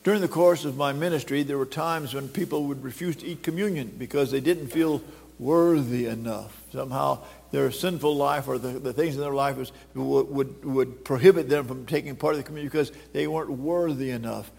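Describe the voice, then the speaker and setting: Older male pastor, sermon, stumbling restarts, gravelly tone, reverberant sanctuary. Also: medium pitch, darkish tone. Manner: halting, repeats words, quotes scripture dramatically. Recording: long reverb of a hall.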